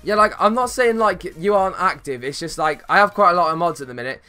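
A young man livestreaming a football video game, talking in a slangy, easygoing way to his chat. His voice sits a little high and comes across bright and forward. Faint music plays behind him. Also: fast, clean tone. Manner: chatty, slangy, greets viewers, bursts of excitement at plays. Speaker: gaming streamer. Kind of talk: casual live-stream chat while playing.

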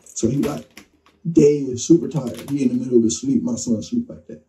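Relaxed and slangy, a man telling his story as an interview guest acts out people's dialogue. He talks fairly quickly in a medium pitch, picked up by a distant mic on poor audio.

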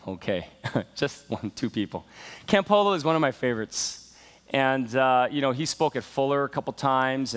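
A male pastor preaching a sermon in a relaxed, storytelling way, full of fillers, that builds to enthusiasm. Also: mid-range voice, long reverb tail. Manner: conversational storytelling with many fillers and rising enthusiasm. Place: church sanctuary.

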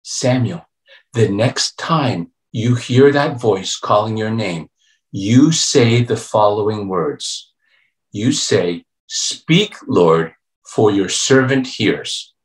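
A pastor preaching a youth revival sermon, telling a story and acting out its voices, playful and joking. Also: male voice, lowish voice, lively intonation, slow pace. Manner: storytelling preacher, acts out voices and swings between hushed and loud; playful, calls himself a joker. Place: church sanctuary. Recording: echoey church room.

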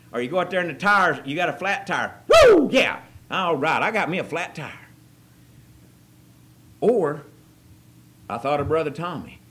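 A man preaching a sermon as pastor, folksy and joking, swinging from quiet asides to loud excited bursts. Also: on the high side, slight background noise. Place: church service.

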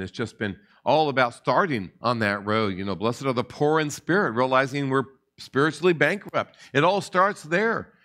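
A man's voice: medium pitch, fairly bright tone. A middle-aged man, a pastor, teaching a Bible study in a conversational way, often repeating words and building to emphatic points.

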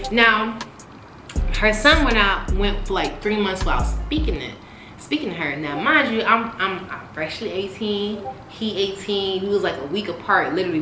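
A young woman telling a story about her past in a casual, animated way, cursing and swinging between loud outbursts and hushed asides. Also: mid-range voice. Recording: echoey room with noise.

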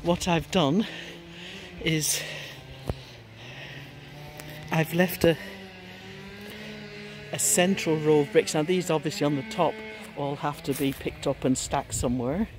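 A man's voice: on the high side, fairly even intonation, unhurried, music in the background. A man in his seventies, out of breath, chatting wryly and self-deprecatingly in a casual garden vlog, outdoors. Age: 70s. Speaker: gardening vlogger. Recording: faint outdoor noise, neighbours cutting trees. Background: faint sounds of tree work nearby.

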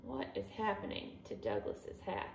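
A woman from a school staff reading a picture book aloud to children in an expressive, animated way. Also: medium pitch, measured pace, gravelly, heavy background noise.

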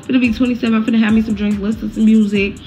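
A woman's voice: on the high side, level tone, very fast, warm tone, faint music behind. A woman, talking bluntly and heatedly straight to her viewers in a casual vlog update, swearing freely. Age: 20s. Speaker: social media creator caring for a neighbor's child.

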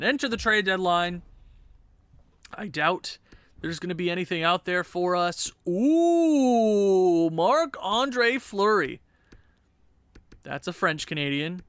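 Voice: mid-range voice, lively intonation, unhurried, vocal fry, bright, forceful tone, no echo. A gaming channel host giving casual, chatty gameplay commentary and laughing at their own jokes.

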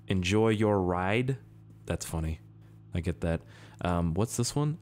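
An excitable young man talks over his gameplay into a desk mic. His pitch swings widely as he jumps from squeaky shouts to low, muttered asides. He rambles, swears freely and keeps an easy, chatty flow. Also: slow. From Canada. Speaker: gaming video host. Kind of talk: casual gameplay commentary.

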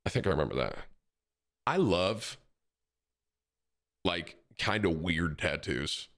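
A man in his thirties with a low voice talks slowly but very animatedly to his live-stream audience. He's loud and joking, chatting casually and dropping "bro" constantly.

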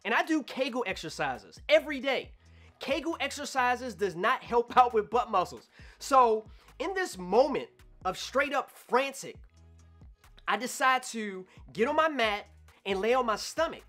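A man telling a personal story to camera in an animated way, acting out his own past thoughts. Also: very high voice. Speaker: vlogger.

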